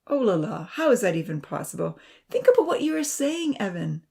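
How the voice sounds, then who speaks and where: A woman's voice: mid-range voice, big pitch swings, a little fast, gravelly, mellow, breathy edge, exaggerated voice. A woman voicing a skeptical, grumbling male professor who is sarcastic in a storybook reading.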